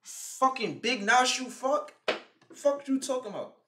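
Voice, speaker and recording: A man's voice: very high voice, expressive, measured pace, sharp tone, a little hiss or hum. A young man live streaming, roasting someone in a heated, mocking, profane rant. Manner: mocking, heated, swears constantly.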